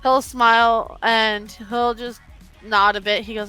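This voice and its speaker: Woman player, fairly high voice, casual in-character tabletop chat, faint music underneath. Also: little pitch movement, slow, bright, forceful tone, low-quality recording. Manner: casual, describes actions then speaks in character.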